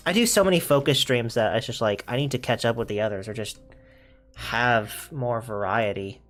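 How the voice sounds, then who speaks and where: A young man drifts from one thought to the next while he plays a game on stream. He keeps a relaxed, easygoing tone at an ordinary pitch and laughs easily, with soft music playing faintly behind him. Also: normal speed. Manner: rambling, laid-back, laughs often. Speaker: gaming streamer. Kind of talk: casual chat while playing.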